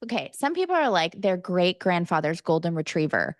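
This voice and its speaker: A woman's voice: lowish voice, fairly quick, dry recording, studio quality. A woman podcast co-host in casual chat, oversharing and telling stories with lots of energy. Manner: chatty, oversharing, animated storyteller.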